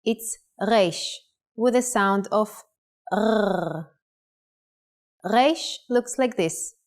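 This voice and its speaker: A woman presenting a scripted language lesson, pronouncing words clearly and carefully. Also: a little high, takes it slowly. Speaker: language teacher.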